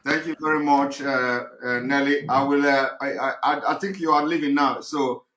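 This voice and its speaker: A man hosting a talk show and moderating a caller, speaking haltingly with many fillers and restarts. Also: mid-range voice, fairly even intonation, pushed and bright, reverberant, slight background noise. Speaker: host.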